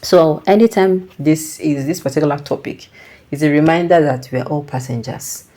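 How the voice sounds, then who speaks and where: A woman's voice: low-pitched, moderate pace, mellow. A Nigerian woman giving reflective casual commentary, slipping into Pidgin and restarting her sentences.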